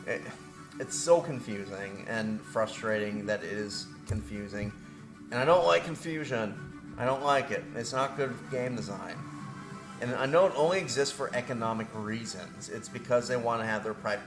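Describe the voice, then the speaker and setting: Recorded in an echoey room, a mid-range male voice hosts a let's play, rambling through his moves and complaining about the game while poking fun at himself.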